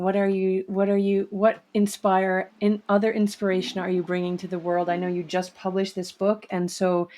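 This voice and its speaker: A woman's voice: on the low side, darkish tone. A woman hosting an interview, praising her guest effusively and repeating herself for emphasis. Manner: effusive, full of praise and repetition. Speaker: podcast host.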